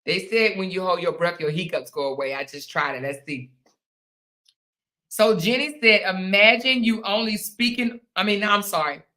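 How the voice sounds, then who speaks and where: A livestream host in her fifties speaks at normal speed in a mid-range voice that sounds pushed and bright. She has the hiccups, keeps laughing as she reads viewer comments aloud, and drawls Southern-Black-style endearments such as honey and girl.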